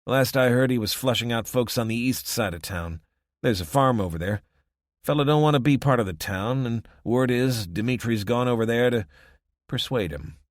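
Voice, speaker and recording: A man's voice: mid-range voice, moderate pace, dry recording, clean studio sound, voice pushed up, lightly acted. Brief: wary male mechanic, folksy rural talk, grim and blunt, as a male narrator puts him on.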